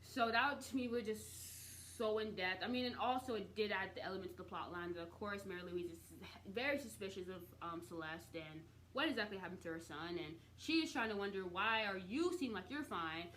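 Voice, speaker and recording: A woman's voice: mid-range voice, a little fast, few pauses, slight background noise. Chatty young woman reviewing a show. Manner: chatty and expressive, with casual slang and swearing. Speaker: TV series reviewer. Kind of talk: casual recap vlog.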